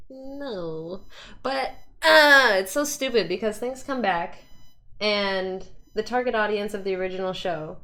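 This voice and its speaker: A woman's voice: mid-range voice, a bit bright. A young woman from Canada, a cosplayer chatting casually as an interview guest, laughing often and mimicking voices.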